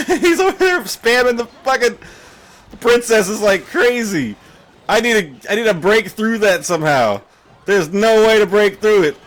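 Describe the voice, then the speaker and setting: A man giving live gameplay commentary, excitable and panicky, quick to laugh and curse. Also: high voice. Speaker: gaming YouTuber.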